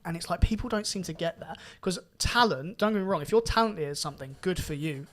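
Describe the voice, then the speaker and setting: A young man telling his story in a casual podcast chat, animated and swearing now and then. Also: high-pitched, fast. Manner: animated, rising loud when excited, swears casually. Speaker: podcast guest karate champion.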